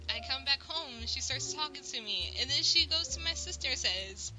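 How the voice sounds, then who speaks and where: A woman's voice: sits high, low-quality recording. A young woman casually telling a story while drawing, laughing often as she quotes people. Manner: laughs often, animated quoting. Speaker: video creator. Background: jazz music.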